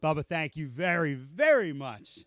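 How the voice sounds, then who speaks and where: A man racer giving a halting, grateful thank-you speech on the podium. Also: fairly high pitch, sing-song, a bit bright.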